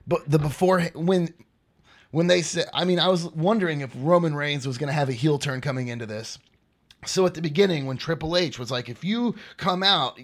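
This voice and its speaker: A man hosting a podcast, giving a casual, rambling wrestling recap and repeating points for emphasis. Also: on the high side. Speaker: podcast host.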